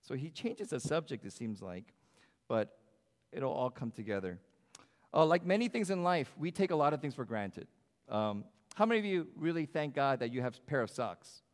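A man's voice: medium pitch, sing-song, moderate pace. A man preaching a sermon in a church sanctuary, talking conversationally and asking the congregation questions. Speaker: pastor. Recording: long hall reverb.

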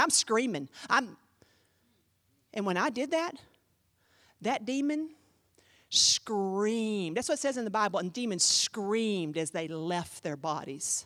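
A woman pastor teaching a class, telling a story in an animated, emphatic, chatty way full of fillers. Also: mid-range voice, unhurried, no room sound, clean studio sound.

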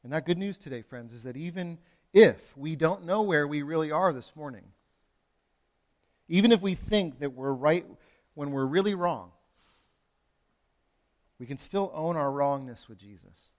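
A pastor delivering a sermon in a conversational way, moving from loud emphasis to hushed lines, with playful asides to the congregation. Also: male voice, fairly high pitch, lively intonation, moderate pace, pauses often. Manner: conversational preaching with wide swings from loud to hushed.

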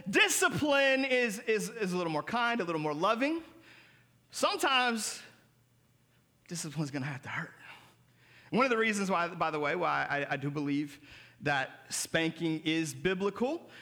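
High, bright-voiced male preacher. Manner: emphatic, explains Greek words. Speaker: pastor. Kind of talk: sermon.

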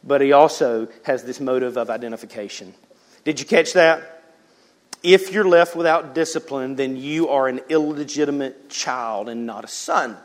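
A male pastor preaching in a conversational way, telling a personal story with joking asides and quick restarts. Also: mid-range voice.

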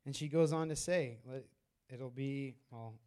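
A man's voice: mid-range voice, unhurried, darkish tone, clean tone. A man preaching a sermon in a loose, conversational way, with many fillers and restarts. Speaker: pastor.

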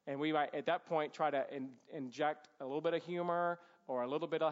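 Man, fairly high voice, earnest Christian-parenting teacher, numbered talk, muffled lo-fi audio. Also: steady tone. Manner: earnest, emphatic, quick asides. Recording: dull lo-fi sound.

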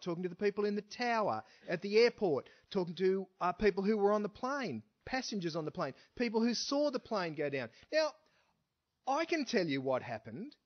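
A man preaching a sermon who speaks with emphasis and keeps asking his listeners rhetorical questions. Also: high-pitched. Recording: dull lo-fi recording.

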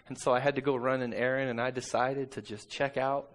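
A man preaching a sermon and telling a personal story, swinging between soft, intimate passages and loud, urgent ones. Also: medium pitch, fairly even intonation, normal speed.

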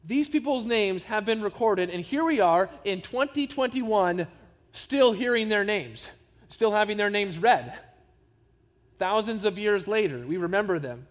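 Male pastor, high voice, sermon, earnest, emphatic, rhetorical questions. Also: lively intonation, unhurried, long reverb tail.

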